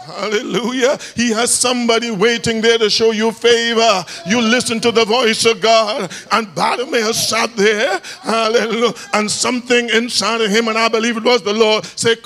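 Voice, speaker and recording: A bishop preaching a fervent sermon in church. He shouts key phrases, repeats lines for emphasis and punctuates them with "hallelujah". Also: extremely high pitch, steady tone, normal speed, hardly any pauses, soft background music.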